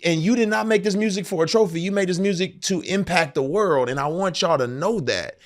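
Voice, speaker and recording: A man in his forties hosting a podcast, telling stories in an excited, expressive way in casual conversation. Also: high voice, brisk. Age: 40s. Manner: excited, expressive retelling with bursts of laughter. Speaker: podcast host. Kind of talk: casual conversation, animated storytelling.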